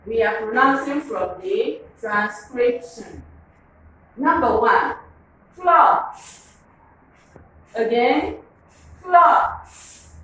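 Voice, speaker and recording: Slow, echoey woman teaching phonics. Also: fairly high pitch, a bit bright, a little hiss or hum. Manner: slow, drilling, repeats words and asks to pronounce. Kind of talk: classroom phonics lesson. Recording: echoey room, voice from far off.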